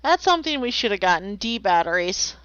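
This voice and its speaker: Lively playful woman streamer. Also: medium pitch, fairly quick, clean tone, no room sound. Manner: playful, rambling, makes silly sounds. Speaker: streamer drawing commissions. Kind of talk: casual stream chat. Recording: slightly dull lo-fi, dry.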